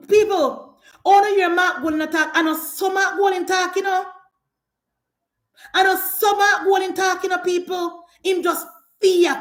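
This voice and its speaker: A woman with a Jamaican accent, working as a commentator, delivers an impassioned political rant, scolding and emphatic as she hammers the same attacks over and over. Her voice is very high and fairly bright, and the sound is roomy.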